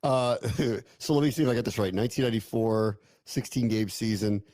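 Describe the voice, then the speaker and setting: A male play-by-play announcer as a guest on a casual podcast chat, teasing and quick to laugh. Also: fairly low pitch, a little mellow, no echo, clean studio sound.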